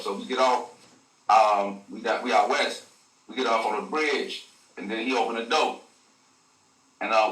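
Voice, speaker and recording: A man's voice: mid-range voice, sharp tone. A man, a guest telling a story in casual slang, full of profanity and acted quotes. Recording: echoey room, a bit far from the mic.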